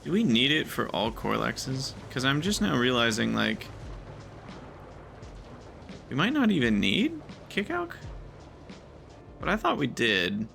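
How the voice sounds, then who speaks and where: Bright, gravelly man muttering over gameplay. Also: mid-range voice, huge pitch swings, measured pace, long pauses, soft background music. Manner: thinking aloud, muttering to himself. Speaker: gaming video creator. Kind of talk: casual gameplay commentary.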